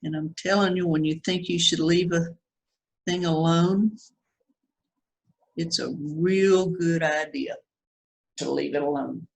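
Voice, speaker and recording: A woman's voice: fairly low pitch, fairly even intonation, slow pace, creaky, long pauses, darkish tone, slight background noise, poor audio. A woman teaching a watercolor demonstration, chatting as she paints, self-critical and reassuring by turns. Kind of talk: painting demonstration, thinking aloud.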